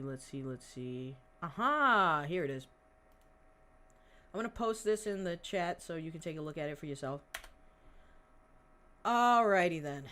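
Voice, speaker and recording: A woman's voice: low voice, fairly bright tone. Rambling, profane young woman streamer. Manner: rambling, blunt and profane, with sarcastic asides; searches aloud while talking. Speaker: livestreamer. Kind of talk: casual livestream chat.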